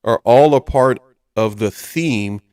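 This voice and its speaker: A man's voice: mid-range voice, slow, darkish tone, dry recording, clean studio sound. A man hosting a casual radio talk show, reading items aloud in a chatty way. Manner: chatty, reads list items aloud, chuckles often. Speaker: host.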